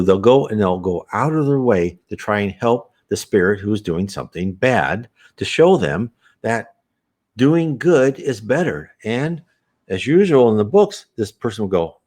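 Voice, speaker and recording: A man's voice: fairly low pitch, very animated, moderate pace, darkish tone. A man hosting a spiritist program, talking casually and rambling with many restarts. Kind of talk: casual spoken commentary.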